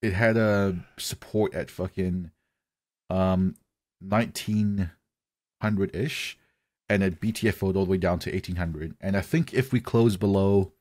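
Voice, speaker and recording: A man's voice: low voice, darkish tone, no echo. A man co-hosting a podcast, loose and swearing freely in casual chat. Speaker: podcast co-host.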